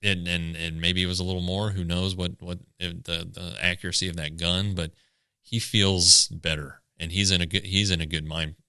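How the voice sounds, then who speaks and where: A man co-hosting a podcast, chatting casually about a pitcher's numbers, with many halting restarts. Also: flat delivery, sharp tone, smooth, dry recording. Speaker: podcast co-host. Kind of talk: casual sports chat.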